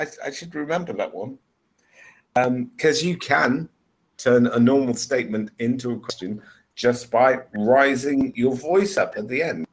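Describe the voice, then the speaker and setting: Male English tutor on a video call, patient and unhurried, with a very animated pitch. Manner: patient, explains step by step. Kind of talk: one-on-one online lesson.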